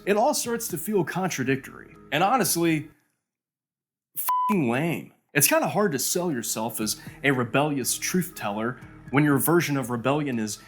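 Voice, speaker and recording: A man narrating a documentary, sardonic and critical. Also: fairly high pitch. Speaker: video narrator.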